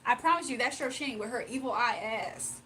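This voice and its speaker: A woman's voice: a little high, brisk, pushed and bright, a little hiss or hum. A young woman on a livestream, reading viewer comments aloud and answering them bluntly and confrontationally. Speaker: livestreamer giving spiritual readings.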